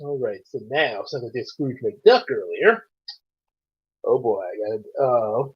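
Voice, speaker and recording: A man reading his own novel aloud, with casual, animated asides. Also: medium pitch, takes it slowly, husky. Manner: animated, laughs often, quiet asides. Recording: dull lo-fi recording.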